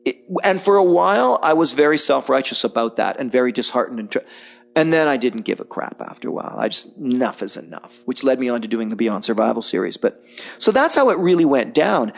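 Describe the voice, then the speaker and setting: A middle-aged man speaking as a podcast guest, blunt and animated, telling stories and mocking others in put-on voices. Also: medium pitch, brisk, creaky. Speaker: podcast guest, survival filmmaker. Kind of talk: candid conversational interview.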